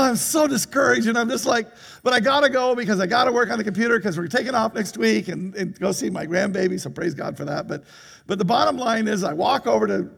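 Gravelly high-voiced older preacher. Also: male voice. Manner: animated storytelling with laughter. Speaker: pastor. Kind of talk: sermon. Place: church hall.

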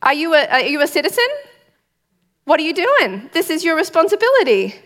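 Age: adult. Sex: woman. Role: church speaker. Pitch: fairly high. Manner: lively, quizzing the congregation. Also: a little fast. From outside the United States. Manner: lively, quizzes the audience with questions. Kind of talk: sermon.

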